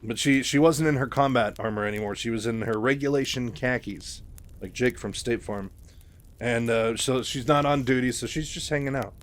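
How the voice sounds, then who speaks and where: Man, casual story recap, rambling, lots of fillers, middle pitch. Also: moderate pace. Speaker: narrator.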